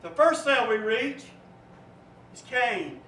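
High, bright-voiced man preaching. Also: animated, slow pace. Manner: vivid storytelling, rising and dropping to a hush. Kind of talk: sermon. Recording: echoey room, from far off, faint noise.

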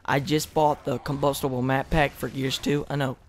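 A teenage young man giving rambling, excitable commentary over gameplay, close to his mic. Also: medium pitch, normal speed, slight background noise. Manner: rambling, hyped, self-mocking. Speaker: gaming commentator. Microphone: close desk mic.

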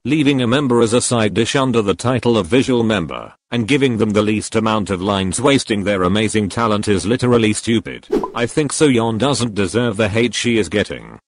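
A male text-to-speech voice reading and reacting to fan confessions, with an emotionless, flat manner. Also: lowish voice, brisk, hardly any pauses. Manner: emotionless, flat synthetic delivery.

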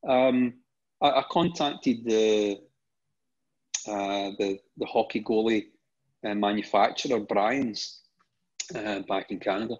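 A man's voice: on the low side, slow pace, long pauses. A middle-aged Scottish man, a guest on an interview show, telling stories casually and often repeating words at the start of his phrases. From Scotland. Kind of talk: casual anecdotal storytelling. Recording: dull lo-fi recording.

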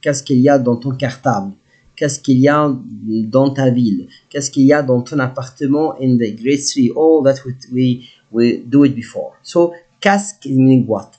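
A man with an Egyptian accent teaching a French lesson, slowly modeling each word and explaining in English. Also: mid-range voice, dark tone, lo-fi sound. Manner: slow, patient, drawn-out modeling of words; switches between English and French. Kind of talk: recorded classroom lesson.

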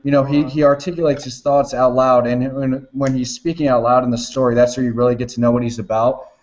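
A man's voice: medium pitch, flat delivery, fast talker, darkish tone. Rambling, swearing man with a lo-fi sound. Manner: rambling, swears often, laughs while retelling. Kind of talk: casual chat.

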